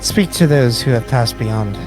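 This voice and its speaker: A man voicing a formal, courteous male elf native, speaking in a measured way. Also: mid-range voice, animated, music in the background, close to an everyday voice.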